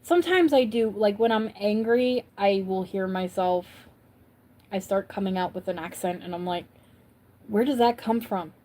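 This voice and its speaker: A woman's voice: mid-range voice, moderate pace, darkish tone, a little hiss or hum. A woman from upstate New York hosting a casual livestream, chatting and answering viewers' comments as she goes. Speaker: livestream host.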